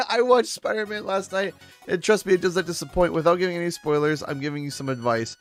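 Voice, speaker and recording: A man's voice: high-pitched, a little fast, soft background music. A man from Canada with a Canadian accent, chatting casually on a game livestream, laughing often and thanking donors by name. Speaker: streamer.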